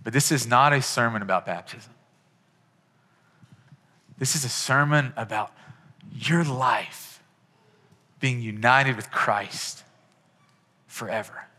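A man's voice: mid-range voice, slow pace, long pauses, sharp tone. A man preaching a sermon as pastor, impassioned and swelling to fervent peaks. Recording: long hall reverb.

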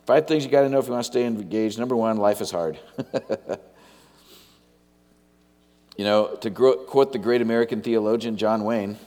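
A man's voice: on the low side, moderate pace, pauses often, warm tone. A middle-aged man preaching a sermon as a pastor, casual and joking, often wandering off topic. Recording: long hall reverb.

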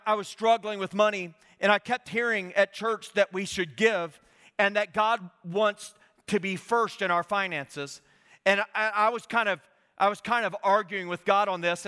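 High bright-voiced man preaching in a hall. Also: smooth. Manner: animated storytelling, acts out talking to God. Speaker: guest speaker. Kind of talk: sermon. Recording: reverberant hall.

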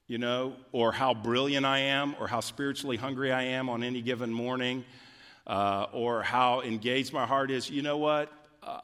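A man preaching a sermon in a large church hall, his voice ringing with a long reverb. He is earnest and emphatic, and his pitch climbs sharply when he voices pleading prayers. His voice sits at a middle pitch. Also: fairly bright tone. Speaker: pastor.

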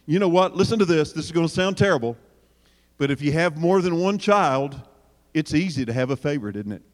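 A man preaching to a live audience about parenting, animated and joking, talking straight to the crowd. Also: a little high, brisk. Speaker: speaker on parenting. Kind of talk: sermon. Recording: long hall reverb.

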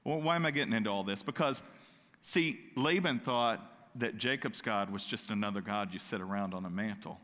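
A man preaching a sermon, animated, slipping into loud, high-pitched outbursts when he acts out what people say. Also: a little fast. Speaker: pastor. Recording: long hall reverb.

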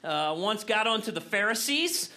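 A pastor preaching at an evening church service. He talks in a loose, conversational way, full of fillers, with a high and bright voice. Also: big pitch swings, moderate pace. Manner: casual and conversational, with many fillers.

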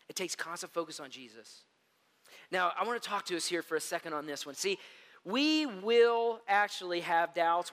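A man preaching a sermon as pastor, an animated storyteller who calls his listeners gang. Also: sits high, in a large hall.

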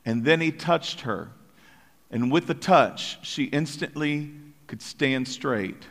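A male pastor preaching a sermon and acting out the story's characters with lively voices. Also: medium pitch, slow pace. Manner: animated, acts out voices of characters. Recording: long hall reverb.

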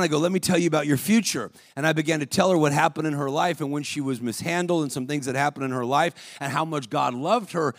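A man preaching as a guest speaker at a church service, calling out to the congregation and rising to shouts. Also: fairly high pitch, dry recording, studio quality. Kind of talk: sermon. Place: church sanctuary.

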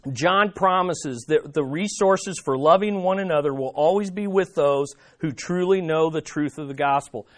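A man preaching a sermon, emphatic, repeating phrases and asking the congregation questions. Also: a little high. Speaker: pastor.

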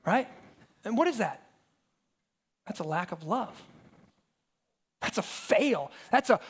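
A man's voice: sits high, sing-song, slow, long pauses, a bit bright, slightly rough. A pastor in his thirties preaching a sermon, telling stories animatedly and firing rhetorical questions at the congregation.

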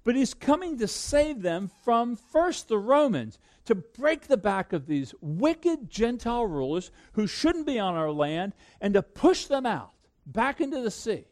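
A man preaching a sermon to a congregation, swinging between loud emphatic peaks and hushed low asides. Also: sing-song, a little slow, few pauses. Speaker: pastor.

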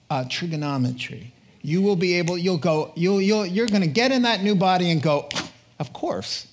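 A man preaching a sermon with energy, exhorting and repeating words for punch, with joking asides. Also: high voice. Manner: jokey asides, laughs at himself.

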